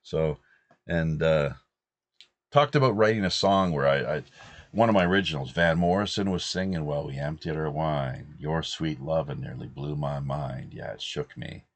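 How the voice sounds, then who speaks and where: A man in his fifties from British Columbia, hosting and rambling through a relaxed anecdote. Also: very deep voice, moderate pace, vocal fry, no room sound. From British Columbia, Canada. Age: 50s. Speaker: host. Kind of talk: casual anecdotal chat.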